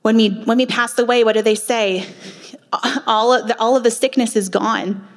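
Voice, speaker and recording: A woman's voice: fairly high pitch, fairly even intonation, moderate pace. A woman nurse practitioner giving a passionate faith-based talk at a women's retreat, with emphatic rhetorical questions. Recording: long hall reverb.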